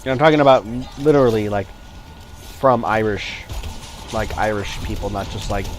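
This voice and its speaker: A man's voice: on the low side, moderate pace, faint music behind. A man livestreaming a game, chatting casually and rambling between reactions to the play. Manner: rambling, many fillers and restarts, reacts to gameplay. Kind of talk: casual chat while gaming.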